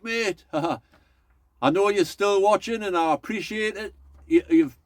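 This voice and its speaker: A man's voice: fairly high pitch, no echo. A middle-aged man, chatting casually and rambling to his viewers as an allotment vlogger. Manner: rambling, folksy, addresses viewers as folks.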